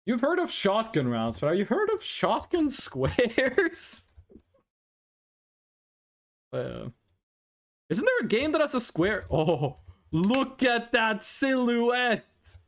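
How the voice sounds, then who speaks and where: A man's voice: very high voice, wildly swooping pitch, slow, long pauses. A man rambling playfully while streaming a driving game, joking and humming tunes. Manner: playful, rambling, sings snatches of songs. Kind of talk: casual live-stream gameplay chat.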